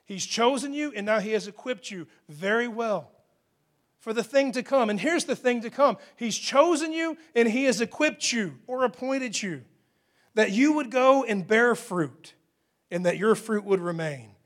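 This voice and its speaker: A man with a high voice preaching to his congregation in a church hall. He talks conversationally, then climbs into emphatic peaks and drops into soft, hushed asides. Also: expressive, a little slow. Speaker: pastor. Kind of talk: sermon.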